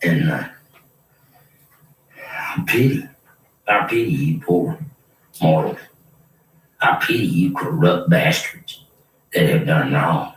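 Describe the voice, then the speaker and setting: A man's voice: rumbling low, sing-song, slow, long pauses. An older man, delivering a rambling, preachy and threatening monologue. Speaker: self-proclaimed prophet. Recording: roomy, distant mic with faint noise.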